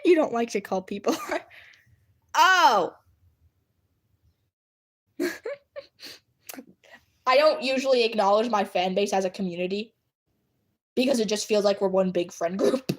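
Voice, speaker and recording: A woman's voice: mid-range voice, a little slow, pauses often. A woman streaming from home at her computer, chatting casually with her viewers and often laughing. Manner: giggly and animated, often bursting into laughter. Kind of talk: casual live chat with viewers.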